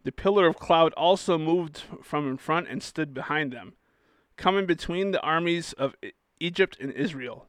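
Guy reading bible verses out loud, smooth clear voice, dry close sound. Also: a little high, moderate pace, dry recording. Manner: reads verses aloud, then comments casually. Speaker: bible study co-host, scripture reader. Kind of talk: casual chat and scripture reading.

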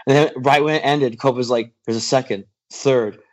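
A man's voice: mid-range voice, steady tone, normal speed, lo-fi sound. A young man co-hosting a podcast movie review, blunt and profane, often restarting his sentences. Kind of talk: casual chat.

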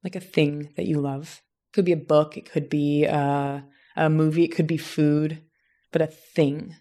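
A woman from Southern Indiana talks through her ideas in a thoughtful, casual way, often restarting her sentences. Her voice sits a little low for a woman. She speaks at an easy conversational pace. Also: moderate pace. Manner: reflective, animated examples, frequent restarts. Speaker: teacher and voice coach.

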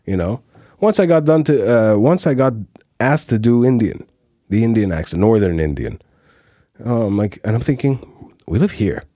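A man, a voice actor, chatting casually on a podcast in a relaxed, rambling way with a wheezing laugh. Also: mid-range voice, moderate pace, no room sound, clean studio sound. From half Cypriot, half Filipino. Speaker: voice actor guest.

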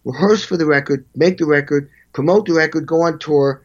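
A man in an interview telling animated stories as a session drummer, acting out quotes and vocalizing drum parts. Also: a little high, a little fast, dull audio. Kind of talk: storytelling interview.

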